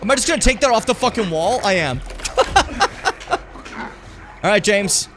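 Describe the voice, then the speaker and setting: A man streaming a video game in casual commentary, excitable, swearing and shouting at enemies. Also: sits high, a little slow. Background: game music.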